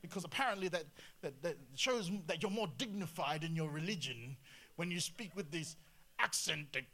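A male pastor preaching a sermon in an animated way, full of rhetorical questions and swings between loud and quiet. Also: fairly high pitch, moderate pace.

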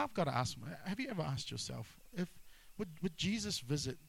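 A man's voice: high voice, big pitch swings, brisk, creaky, a bit bright, poor audio. A man preaching a sermon as pastor, emphatic, repeating key phrases and mixing humor with intensity.

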